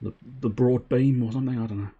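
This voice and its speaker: A man's voice: medium pitch, fairly even intonation, fast talker, phone-quality sound, slight background noise. A man streaming a video game, joking and rambling with frequent laughs. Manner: jokey, rambling, laughs often. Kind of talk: gaming livestream commentary.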